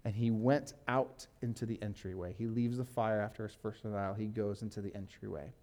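A man pastor teaching a sermon in a relaxed, conversational way, reading scripture aloud and often saying "like". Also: on the low side, brisk. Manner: casual, uses "like" and fillers, reads scripture aloud.

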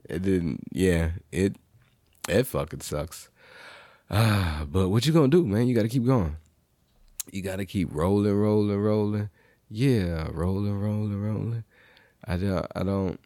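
A low-voiced man delivering a profane, animated monologue in loose, casual speech. The sound is close and dry, with no room echo. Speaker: podcast host.

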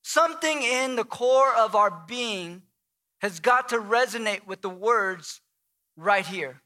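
High-voiced, bright male pastor preaching. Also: normal speed. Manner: dramatic, acts out quoted voices, stammers and restarts; drops to quiet low emphasis on key lines. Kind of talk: sermon.

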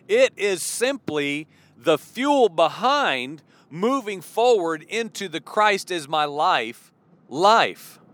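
A man's voice: a little high, fairly bright tone, dry recording. A man giving an earnest sermon-style teaching, full of rhetorical questions and restarts. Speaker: preacher.

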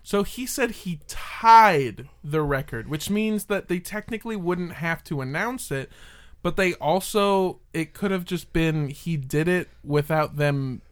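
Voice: mid-range voice, expressive, a little slow. A podcast host in casual chat, sarcastically debunking claims, swearing and laughing along the way.

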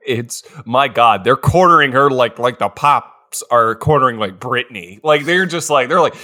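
A man co-hosting a podcast, joking loudly, laughing often and acting out silly voices. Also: mid-range voice, moderate pace, few pauses. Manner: animated, laughs a lot, does silly voices. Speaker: podcast co-host. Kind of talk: casual comedic chat.

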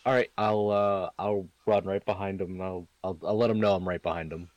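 Brief: male player, low voice, dry sound, halting and casual. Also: little pitch movement, darkish tone, no echo, dull audio. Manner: hesitant, halting, many fillers. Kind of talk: casual tabletop game play.

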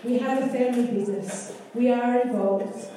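A woman preaches a sermon in a church hall, asking the congregation questions and acting out quoted lines of scripture. Her fairly high voice is warm and fairly even, at a moderate pace. The hall is echoey, the mic is far off, and there's slight background noise.

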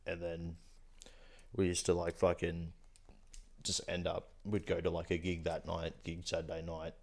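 A man's voice: sits low, completely flat delivery, normal speed, a little mellow. A young man, a guest in casual chat, who rambles through stories with lots of fillers and swearing.

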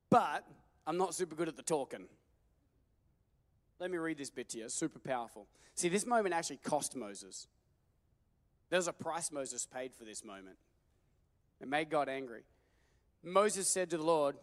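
A man preaching a sermon in an animated, jokey way, calling for amens from the congregation. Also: on the high side, moderate pace, pauses often. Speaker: pastor.

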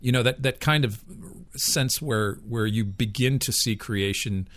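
A man's voice: mid-range voice, a little slow, a bit bright, no room sound. A man talking through ideas in a casual book discussion, reflective, often repeating words as he thinks aloud.

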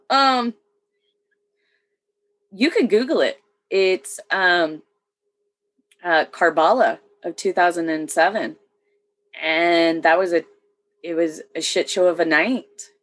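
Woman veteran, low voice, matter-of-fact storytelling, casual chat. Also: measured pace, long pauses. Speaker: military veteran. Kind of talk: casual conversation.

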